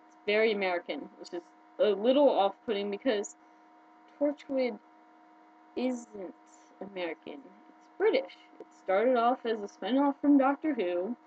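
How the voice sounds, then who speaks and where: A chatty, excitable woman talks casually to her viewers, her voice leaping up whenever she gets worked up. The recording is dull and lo-fi, with a faint hum underneath. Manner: chatty and excitable, with quick jumps in pitch. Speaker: video blogger. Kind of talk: casual fan chat to camera.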